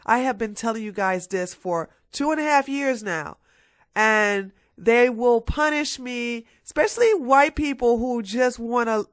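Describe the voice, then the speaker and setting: A woman's voice: mid-range voice, dry recording, studio quality. A woman giving a ranting political commentary on her vlog, emphatic and mocking, hammering her points home by repeating them.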